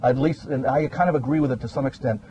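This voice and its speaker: A man's voice: medium pitch, fast talker, warm tone, a little hiss or hum, low-quality recording. A man, a meteorologist guest explaining things in a rambling, hesitant way. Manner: rambling, hesitant with many uhs. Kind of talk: casual explanatory chat. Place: outdoors in a garden.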